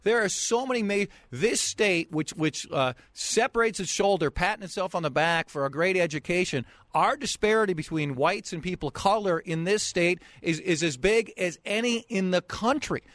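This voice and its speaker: A man hosting a radio talk show, questioning a guest in a measured way with frequent halting restarts. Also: high voice, expressive, a bit bright, no echo. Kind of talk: call-in radio debate. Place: radio studio. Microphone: studio microphone.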